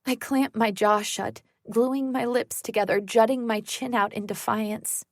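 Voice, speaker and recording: Slow, tense woman narrator. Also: on the high side, fairly even intonation, no echo, clean studio sound. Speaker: audiobook narrator. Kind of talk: first-person thriller narration.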